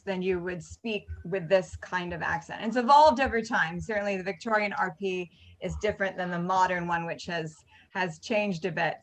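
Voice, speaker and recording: A woman's voice: on the low side, a bit bright, low-quality recording. Chatty woman director on a video call. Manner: chatty, frequent ums and restarts. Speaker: theater director hosting a cast Q&A. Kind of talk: casual Q&A over video call.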